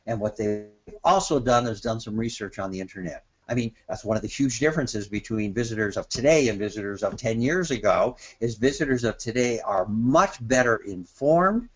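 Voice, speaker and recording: A man giving an instructional webinar in a lively, conversational way, acting out little quoted exchanges. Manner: animated, acts out quoted trade-show exchanges in a higher voice. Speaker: webinar presenter. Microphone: webinar microphone.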